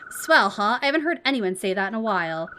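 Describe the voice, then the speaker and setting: A woman's voice: medium pitch, big pitch swings, fast talker, pushed and bright, slight background noise. A woman doing a chatty, flirty diner waitress. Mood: friendly.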